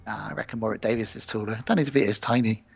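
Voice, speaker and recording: A man co-hosting a casual podcast, retelling a film plot with quick acted voices and casual swearing. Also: fairly low pitch, fairly even intonation, creaky, husky, soft background music. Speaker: podcast co-host. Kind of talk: casual film review chat. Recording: slightly dull, lo-fi podcast audio.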